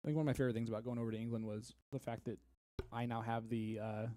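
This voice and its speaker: Brief: quick, chatty Midwestern male darts commentator, dark dry voice. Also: medium pitch, little pitch movement, dry recording. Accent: Midwestern American. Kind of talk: casual sports commentary.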